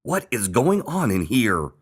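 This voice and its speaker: A man's voice: mid-range voice, sing-song, brisk, a little mellow, pitched above the performer's own voice. A man voicing an exasperated mother who scolds. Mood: scolding.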